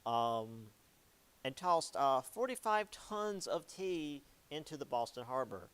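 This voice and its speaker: Male history lecturer, young adult, casual and jokey, unhurried delivery, filler words. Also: mid-range voice, sing-song, a bit bright, clear, resonant tone. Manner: chatty, jokey asides, many ums and likes.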